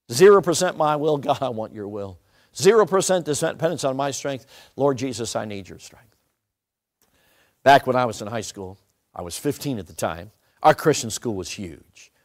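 A middle-aged man preaching a storytelling sermon to a live audience, talking conversationally and often asking the room questions. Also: mid-range voice. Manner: conversational, asks the audience questions, swings between soft and loud. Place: church or meeting room with an audience.

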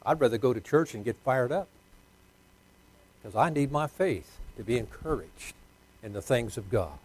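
A pastor preaching a folksy sermon, swinging between loud emphatic lines and hushed ones. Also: male voice, mid-range voice, expressive, normal speed, breathy edge.

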